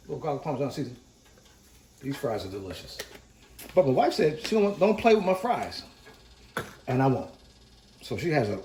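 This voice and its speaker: In an echoey home kitchen, a man with a mid-range, darkish voice chats to camera for his casual cooking vlog. His manner is hyped and talkative, he leans on repeated catchphrases, and he refers to his viewers as cooks.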